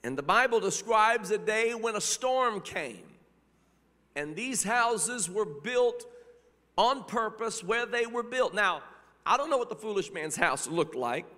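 A man's voice: high-pitched, expressive, unhurried, pushed and bright. A man preaching a sermon with a rhythmic cadence, repeating phrases and calling out hallelujah. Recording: long reverb of a large hall.

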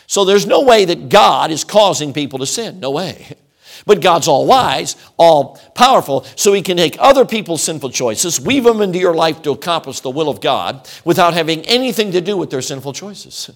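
A man's voice: fairly high pitch, lively intonation, normal speed, gravelly. Middle-aged preacher guy, sermon mode, voice swinging all over, punchy repeated lines. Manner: emphatic, repeats phrases in rhythmic lists. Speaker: traveling preacher.

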